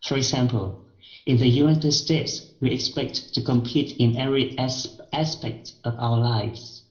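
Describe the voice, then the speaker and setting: Male English learner, slow and halting, roomy muffled recording. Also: mid-range voice, fairly even intonation. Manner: slow and halting, with many "uh" pauses. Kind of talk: reading aloud and answering a tutor.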